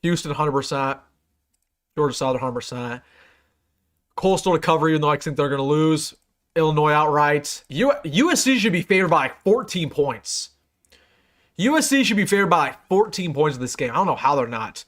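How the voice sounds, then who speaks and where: A young man hosts a casual live sports stream and runs through his picks. His voice sits a little high, and his delivery is excitable and emphatic. He often repeats a line to drive the point home. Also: a little fast. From United States. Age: young adult. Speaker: sports channel host.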